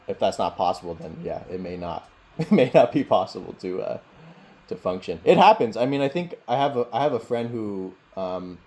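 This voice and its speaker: Over a video call, a low-voiced man leads a laid-back meditation Q&A, rambling comfortably and breaking into frequent laughter.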